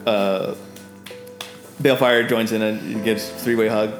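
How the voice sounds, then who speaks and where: Man, game master, rambling narration, low voice, echoey room, background music. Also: fairly even intonation, a little slow. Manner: rambling, filler-heavy narration. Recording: roomy sound with music behind.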